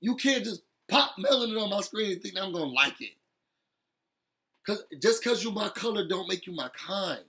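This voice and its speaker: Bright-voiced, high-pitched man vlogging. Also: normal speed. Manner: animated, laughing often, talking straight to viewers. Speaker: reality show recap vlogger. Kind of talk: emotional casual recap chat.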